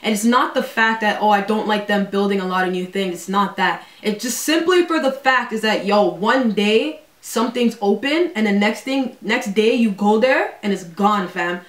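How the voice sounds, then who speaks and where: A woman's voice: mid-range voice, far from the mic. A woman in her twenties vlogging casually at home, talking in slang and filling her talk with "like" and "yo". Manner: slangy, full of 'like' and 'yo', quick asides. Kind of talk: casual vlog. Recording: roomy echo, away from the mic.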